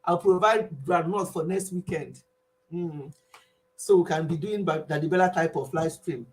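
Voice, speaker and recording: A woman's voice: lowish voice, normal speed, a little mellow. A woman hosting a casual live stream, playful and often laughing as she imitates her viewers. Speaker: channel host closing a live stream.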